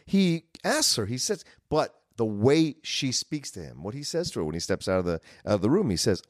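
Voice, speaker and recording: A man's voice: mid-range voice, sing-song, fairly quick, hardly any pauses, no echo, studio quality. A man co-hosting a film podcast, talking emphatically in casual discussion. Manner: emphatic, mock-indignant. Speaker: podcast co-host.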